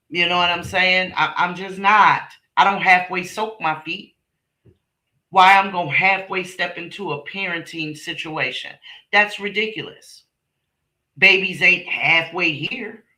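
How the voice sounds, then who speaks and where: A middle-aged woman hosts a live stream in an unhurried, drawn-out way, with a forceful, sharp-edged voice. She talks straight to her chat, blunt and emphatic, hammering her points home with repetition and the odd curse. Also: lowish voice. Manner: blunt, emphatic, profane, repeats phrases; talks directly to chat viewers by name. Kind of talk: casual livestream chat with viewers.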